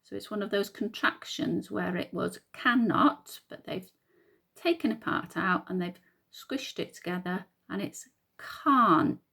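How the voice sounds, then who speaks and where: A woman teacher reading a picture book aloud to young children, slow and patient, sounding out words. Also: medium pitch, creaky, fairly bright tone, slightly rough.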